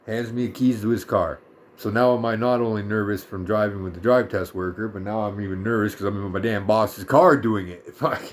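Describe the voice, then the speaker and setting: A man's voice: on the low side, steady tone, a little fast. A man in his thirties ranting to camera in a blunt, sarcastic and profane vlog story. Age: 30s. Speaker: vlogger.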